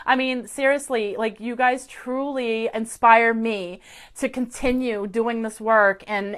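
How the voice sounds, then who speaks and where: Gushing, chatty woman psychic medium. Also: fairly high pitch. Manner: effusive, gushing, chatty with many fillers. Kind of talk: live-stream reading for viewers.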